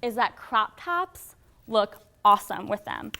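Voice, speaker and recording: A woman's voice: mid-range voice, lively intonation, measured pace, vocal fry, sharp tone. A young woman giving casual, chatty fashion tips on a student talk show. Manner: chatty and explaining. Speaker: fashion guest.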